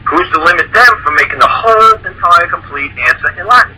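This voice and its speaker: A man's voice: high voice, fast talker, heavy background noise. A man speaking casually on a talk show. He explains his points with animation, acting out the conversations he recalls and often repeating himself. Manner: animated, acts out quoted exchanges, repeats himself. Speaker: guest speaker on common law.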